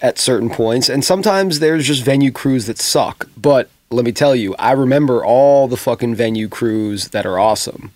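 A man's voice: medium pitch, moderate pace, few pauses, no room sound. Blunt New man, dry close sound. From New York. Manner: blunt, swearing, animated retelling. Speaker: podcast co-host, tour crew. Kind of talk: casual chat.

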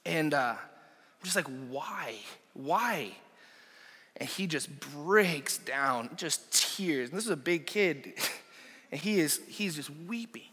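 A young adult man, a pastor preaching a sermon, impassioned, rising to loud peaks and dropping to near whispers. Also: fairly high pitch, animated, takes it slowly, husky. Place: church auditorium. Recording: echoey hall reverb.

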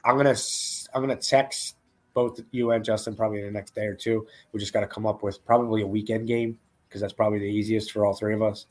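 A man's voice: lowish voice, level tone, fast talker, a little mellow. A man hosting a podcast, tired and laid-back, rambling casually and swearing. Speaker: podcast host. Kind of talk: casual chat.

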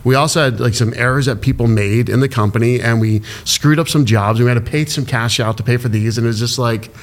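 A man being interviewed as an entrepreneur guest, speaking emotionally and haltingly with lots of fillers. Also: mid-range voice. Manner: halting, heavy use of "like" fillers.

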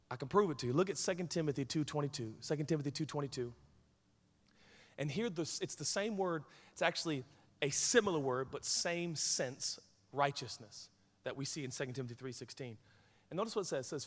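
A man preaching a sermon as pastor, animated, swinging from quiet asides to shouted peaks. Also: on the high side. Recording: hall reverb.

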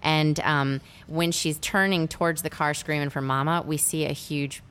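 A woman with a low, smooth, clear voice retells a movie's plot in casual podcast chat. She rambles and fills pauses with "um" as she goes. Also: fairly even intonation, a bit bright. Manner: rambling, with many fillers. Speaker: podcast co-host.

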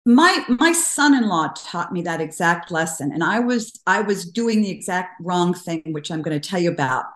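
A woman's voice: lowish voice, expressive, normal speed, fairly bright tone. Older lady telling stories in an interview, earnest, kinda echoey room. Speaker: guest. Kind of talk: conversational interview. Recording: roomy echo.

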